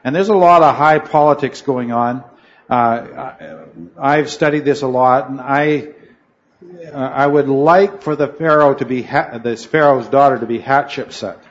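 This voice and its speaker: A man's voice: medium pitch, a little slow, muffled recording. A man teaching a Bible study class, talking in a rambling way, correcting himself mid-sentence and putting questions to his students. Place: room with a noisy fan.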